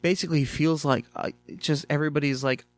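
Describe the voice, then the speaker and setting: A man with a somewhat high voice talks through a cartoon episode in a loose, rambling way, filling gaps with fillers. The sound is dry and close, with no room echo. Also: fairly even intonation, fast talker. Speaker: reviewer. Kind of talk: casual episode review.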